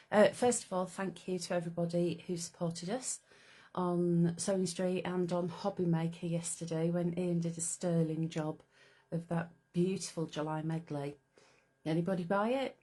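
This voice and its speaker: A woman's voice: mid-range voice, mellow. A woman hosting a casual live craft stream, chatting away and greeting viewers by name. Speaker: livestream host.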